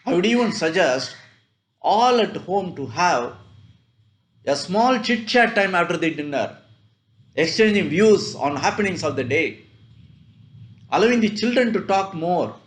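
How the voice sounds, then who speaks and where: A man hosting a weekly advice show, delivering a scripted motivational talk in measured, deliberate short phrases. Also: sits high, echoey room.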